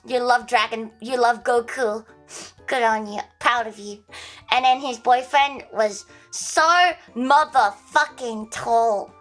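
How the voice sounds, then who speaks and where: A woman's voice: on the high side, takes it slowly, fairly bright tone, faint music behind. A young woman with an Australian accent telling a rambling story casually on a livestream, full of restarts and fillers.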